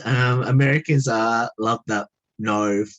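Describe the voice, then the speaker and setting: A radio host asking interview questions over a video call, hesitant and full of "um" fillers, laughing often. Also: male voice, medium pitch, fairly even intonation, measured pace, fairly bright tone, dull audio.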